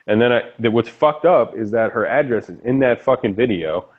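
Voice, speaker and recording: Animated, profane man on a lo-fi voice chat. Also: medium pitch, fairly quick. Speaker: lobby chat regular. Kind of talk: casual chat.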